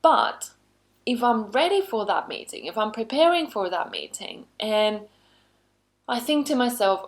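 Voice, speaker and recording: A woman's voice: fairly high pitch, sing-song, unhurried. A woman trainer giving an online lesson in a chatty, conversational way, with frequent asides and upbeat emphasis. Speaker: workplace skills trainer.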